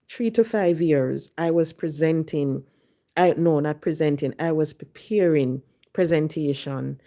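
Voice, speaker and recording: A woman's voice: low-pitched, dark tone. A woman from Jamaica with a Jamaican accent, telling a personal story and slipping into Patois when she quotes herself.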